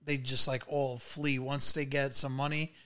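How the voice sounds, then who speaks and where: A man's voice: medium pitch, level tone, unhurried, bright, forceful tone, smooth. A man from New York hosting a casual podcast chat and keeping the talk moving with questions. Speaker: podcast host.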